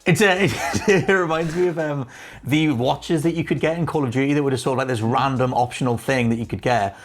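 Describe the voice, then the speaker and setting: Male host, rapid-fire chatty delivery, laughs easily. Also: medium pitch. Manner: quick, chatty, laughs often. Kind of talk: casual gaming chat.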